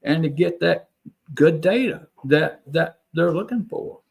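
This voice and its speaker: A man's voice: a little high, measured pace, gravelly, a little mellow, husky. A man from Alabama with a Southern American accent, a plainspoken guest on a radio talk show who repeats himself for emphasis. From Alabama, USA. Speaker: guest, property owner who records sounds. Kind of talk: casual radio interview chat.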